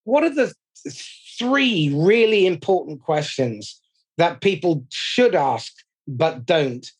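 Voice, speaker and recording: A man hosting a podcast interview, speaking in a measured, reflective way as he sums up points. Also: a little high, lively intonation, breathy edge. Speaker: podcast host.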